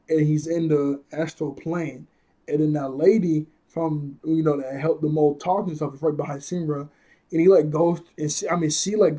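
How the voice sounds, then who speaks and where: A man's voice: on the high side, mellow. A man casually recapping an anime episode, rambling, chuckling often and correcting himself as he goes.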